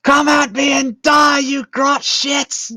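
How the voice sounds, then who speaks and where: A man putting on a brash holy warrior roaring a challenge at his enemies, his voice pushed way up high and loud. The sound is dry and close. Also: level tone, takes it slowly, no echo, heavily acted. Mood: taunting. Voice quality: roaring shout. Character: brash male paladin champion shouting taunts.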